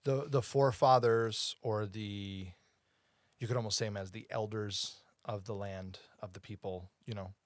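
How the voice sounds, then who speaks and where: A man's voice: lowish voice, steady tone, normal speed, no echo, studio quality. A man co-hosting a casual Bible study chat. He explains at length, wanders off topic and often asks whether the listener follows. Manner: explanatory, digressive, often asks "you know what I'm saying". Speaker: podcast co-host teaching the Bible.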